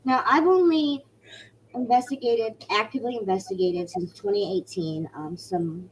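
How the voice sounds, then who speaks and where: A woman paranormal investigator chatting casually on a podcast, pausing and restarting her sentences while wearing an arm sling. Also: a little high, slight background noise, poor audio. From Indiana. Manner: halting, restarts mid-sentence.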